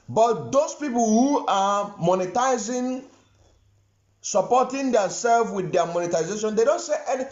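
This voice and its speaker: Igbo-accented male commentator, high animated voice, repeats himself for emphasis, muffled echoey room. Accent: Nigerian Igbo. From southeastern Nigeria. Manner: emphatic, repeats phrases for stress. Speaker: online commentator. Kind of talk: impassioned social media commentary.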